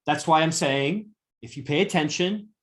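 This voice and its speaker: A man's voice: fairly high pitch, normal speed. A man giving a live classroom lecture, confrontational and profane as he berates a student.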